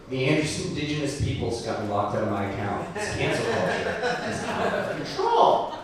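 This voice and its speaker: A young man performing a stand-up comedy set in a club, with wry, self-deprecating delivery and quick crowd work. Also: medium pitch, very animated. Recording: echoey club room from a distance with audience noise.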